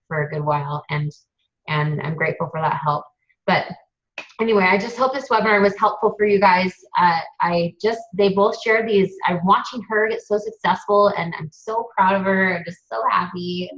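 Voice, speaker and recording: A woman's voice: mid-range voice, fairly bright tone, lo-fi sound. A woman hosting a webinar in a casual, chatty, gushing way. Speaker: webinar host.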